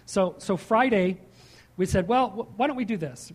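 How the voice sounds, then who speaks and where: A man preaching a sermon as pastor, slowing down to stress key points and dropping into chatty storytelling. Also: high-pitched, lively intonation, husky. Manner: emphatic, slows and rises for key points, then drops into chatty storytelling.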